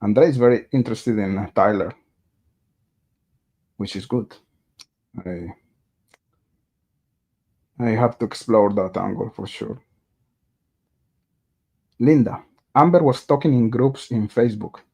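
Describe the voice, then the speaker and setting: A man's voice: fairly low pitch, slow, vocal fry, long pauses, darkish tone, husky. A man hosting a casual true crime livestream. He hesitates often, with lots of filler sounds and restarts, and he reads viewer chat aloud and greets viewers.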